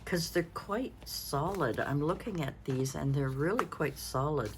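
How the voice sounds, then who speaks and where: Tired low-voiced woman in her sixties. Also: measured pace, background noise. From Canada. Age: 60s. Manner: rambling, thinks aloud, self-interrupting. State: tired and yawning. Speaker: craft vlogger. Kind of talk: casual show-and-tell chat.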